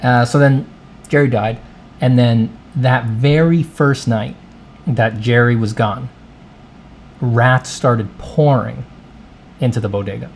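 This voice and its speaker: A man speaking softly in a relaxed ASMR manner as he draws, unspooling a meandering story. His voice sits at an ordinary middle pitch with a gravelly fry in it, and his delivery is dry and deadpan, with a faint hiss of background noise. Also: slow, long pauses. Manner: rambling, digressive, deadpan. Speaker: artist and channel host. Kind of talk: soft-spoken ASMR storytelling while drawing.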